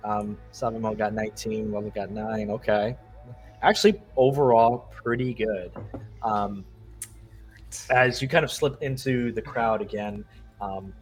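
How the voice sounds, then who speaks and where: A man with a lowish voice runs a tabletop game, describing the scene for his players. His narration is relaxed and halting, full of pauses and fillers, with faint music in the background. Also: low-quality recording. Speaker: game master.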